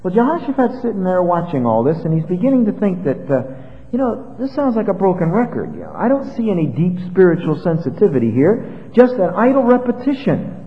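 A man preaching an expository sermon, retelling a Bible story in a conversational, animated way. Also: high voice, a little fast. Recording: dull lo-fi with long reverb.

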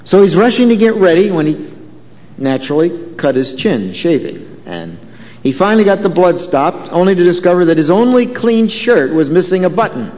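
A man's voice: sits high, sing-song, moderate pace, darkish tone, big-room sound. A man preaching a sermon in a conversational way, telling a story and asking the congregation questions. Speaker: pastor.

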